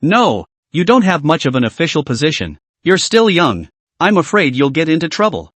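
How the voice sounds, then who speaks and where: A man's voice: fairly high pitch, big pitch swings, moderate pace, fairly bright tone, no room sound. A man reading the lines of a cocky young male office worker with a smug, teasing manner.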